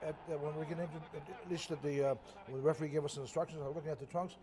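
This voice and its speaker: A man's voice: a little high, fairly even intonation, rapid-fire, a crowd in the background. An older man, a retired boxer, telling old fight stories in a casual interview, rambling and correcting himself as he goes. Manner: rambling, self-correcting, chuckles at own stories.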